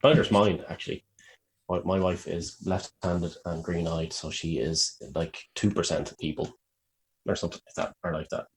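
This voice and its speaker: A man's voice: sits low, steady tone, moderate pace, a little hiss or hum. A man with an Irish accent co-hosting a podcast in casual chat, teasing and often laughing and swearing. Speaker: podcast co-host.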